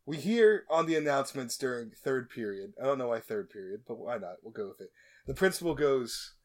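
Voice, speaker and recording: Brisk and very animated, this male podcast host retells a film's story for comedic effect, full of side comments and restarts. His voice sits in the mid range.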